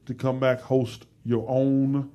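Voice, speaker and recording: A man's voice: mid-range voice, level tone, slow, highs cut off. A man hosting a live talk show, chatting casually and joking, with loose conversational phrasing. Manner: joking and playful, breaks into laughter.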